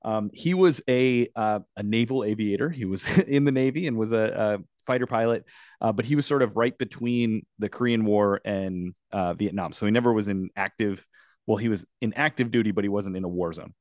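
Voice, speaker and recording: A man's voice: fairly low pitch, brisk, a little mellow, dry recording, studio quality. A man co-hosting a podcast, telling stories in a chatty, casual way into a podcast microphone. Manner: chatty storyteller. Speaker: podcast co-host. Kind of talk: casual chat.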